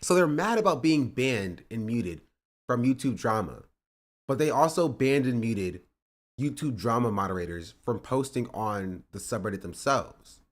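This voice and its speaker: Guy streaming, chatting loose and rambly, voice shoots up when he gets heated. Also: moderate pace. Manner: animated, rambling, jumps up in pitch when riled. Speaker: streamer reacting to a podcast clip. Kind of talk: casual live-stream commentary.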